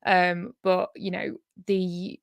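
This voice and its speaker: A woman's voice: fairly low pitch, little pitch movement, slow, creaky, smooth, no echo. Woman host, dry close sound. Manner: encouraging, laughs often. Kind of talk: casual interview chat.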